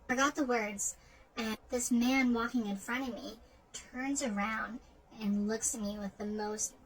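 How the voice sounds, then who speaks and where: A woman's voice: a little high, low-quality recording. Woman rambling through a dream story. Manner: rambling, full of "like" fillers and restarts. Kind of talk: casual retelling of a dream.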